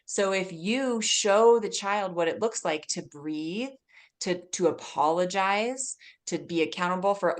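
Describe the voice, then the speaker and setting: A woman's voice: medium pitch, slow, a bit bright. A woman in her forties, a guest speaker giving earnest parenting advice, often laughing and acting out short exchanges. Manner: earnest, laughs often, acts out little dialogues. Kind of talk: warm advice talk.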